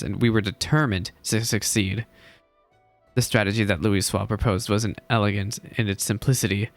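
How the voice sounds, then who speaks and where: A man's voice: on the low side, close to an everyday voice. A man reading a friendly veteran woman soldier. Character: friendly, hardened female soldier, decorated veteran. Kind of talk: reading game dialogue aloud.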